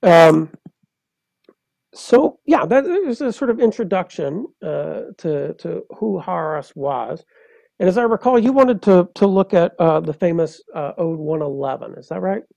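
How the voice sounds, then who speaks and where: A man, a poet and translator, explaining in a measured, lecturing way on a podcast, with frequent hesitations. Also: high-pitched, lively intonation, vocal fry, a little mellow, no room sound.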